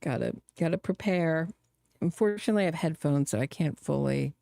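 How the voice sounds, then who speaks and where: Gravelly, scornful woman streamer. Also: low-pitched, a little fast, dark tone, no room sound, clean studio sound. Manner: sarcastic, scornful, mocking. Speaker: true crime stream host. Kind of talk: live reaction commentary.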